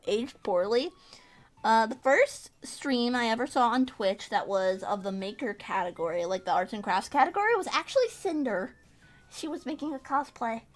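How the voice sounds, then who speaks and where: A young woman streaming casual chat as she embroiders, bubbly and giggly, sometimes baby-talking. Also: a little high. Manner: bubbly, giggly, baby-talks to her cat.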